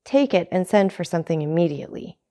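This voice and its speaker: A woman's voice: lowish voice, animated, quick pace, dark tone, close to an everyday voice. A woman reading aloud, voicing an earnest young male sailor who speaks to his father in an ardent, pleading way, in a storybook.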